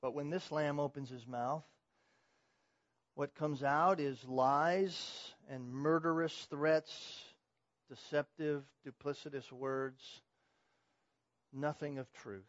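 A man delivers a sermon in a slightly higher-than-usual voice. He drops to low, hushed stresses, then climbs into loud declarations. The sound is dry and a bit dull, like a muffled recording. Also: slow, long pauses, no echo. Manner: swings from hushed, low emphasis to loud, rising proclamation. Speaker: preacher. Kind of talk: expository sermon.

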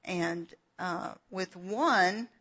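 Woman preacher, slow and earnest, husky voice, lo-fi dull recording. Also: fairly low pitch, a bit bright. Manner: unhurried, explains verses with asides and fillers. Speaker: Bible teacher. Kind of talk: slow, earnest sermon with scripture reading.

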